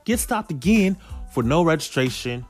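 A man in his thirties telling a casual story straight to his viewers, animated, stacking rhetorical questions and cursing casually. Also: on the high side, moderate pace, breathy edge, soft background music.

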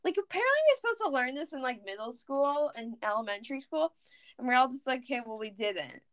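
Excitable teenage girl telling stories. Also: high voice, fast talker. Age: teens. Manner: excitable storyteller, lots of "like". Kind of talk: casual chat among friends.

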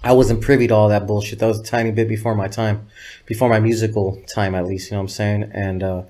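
A videographer appearing as an interview guest tells loose, profane, rambling anecdotes, quoting dialogue along the way. His voice is lowish and warm, with fairly even intonation and a fast pace.

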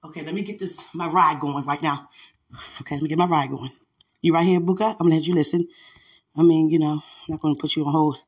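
A woman's voice: low voice, fairly even intonation, quick pace, husky. A woman hosting a podcast, chatting casually into her phone while getting dressed at home, playful and teasing, and a little out of breath. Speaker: podcast host.

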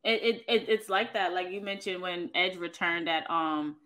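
A woman's voice: fairly low pitch, normal speed, fairly bright tone. A woman co-hosting a podcast, chatting casually with many fillers. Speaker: podcast co-host. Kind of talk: casual chat.

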